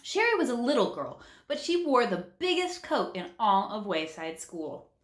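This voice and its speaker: A woman reading a children's book aloud with animated storytelling. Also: fairly high pitch, normal speed. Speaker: read-aloud narrator. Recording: roomy echo.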